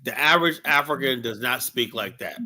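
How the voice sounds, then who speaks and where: A man's voice: medium pitch, a little fast, over a noisy crowd, poor audio. A man hosting a livestream talk show, blunt and emphatic, often profane, telling anecdotes with quoted dialogue. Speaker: livestream host. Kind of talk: casual opinionated talk show. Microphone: online stream mic.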